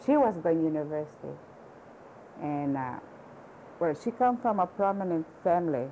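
Older woman with a mellow, lowish voice. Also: lively intonation, normal speed, low-quality recording. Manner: plain, rambling storytelling. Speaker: interviewee. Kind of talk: oral history interview. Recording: faint background hiss.

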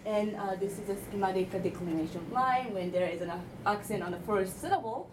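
A woman linguist gives an academic presentation in a mid-range voice, walking through her slides step by step. She pauses and hesitates often, and the background is noisy.

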